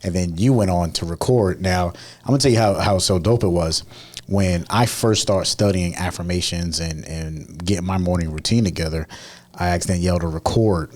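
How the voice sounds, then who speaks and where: A man co-hosting a podcast, telling stories in relaxed, slangy casual chat with frequent restarts. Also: sits low, normal speed. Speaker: podcast co-host.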